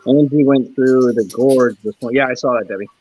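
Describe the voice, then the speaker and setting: A man's voice: medium pitch, fairly even intonation, a little fast, dark tone, no echo. A man, a trucker, hosting a casual live chat stream, reading and answering comments and laughing often. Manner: chatty, laughs often, breaks into joking voices. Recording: dull lo-fi stream audio.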